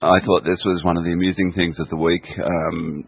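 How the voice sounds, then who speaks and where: A man with a very low, gravelly, husky voice chats casually, reminiscing and quick to laugh. The sound is close and dry, with a dull lo-fi edge from the recording. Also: flat delivery, no echo. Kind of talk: casual chat.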